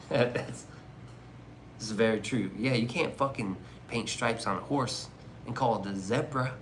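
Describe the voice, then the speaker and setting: Dude streamer rambling and cussing, cracking crude jokes with chat, average pitch, bit of faint noise behind. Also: male voice, measured pace, a bit bright. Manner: profane, joking, rambling banter. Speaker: livestreamer reading chat. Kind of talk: casual livestream chat.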